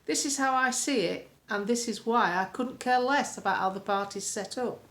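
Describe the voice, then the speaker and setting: A woman's voice: a little high, moderate pace, fairly bright tone. A woman from the UK talks straight into the camera from her home. She delivers a blunt, opinionated political monologue with a colloquial, earthy turn of phrase. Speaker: political commentator.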